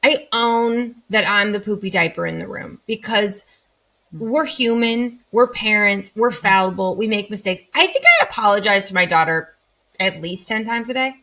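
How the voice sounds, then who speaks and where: Woman, 30s, podcast guest; crisp bright tone, expressive storyteller who acts out moments. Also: mid-range voice, moderate pace. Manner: animated, acts out anecdotes with lively emphasis. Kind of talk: casual conversational storytelling.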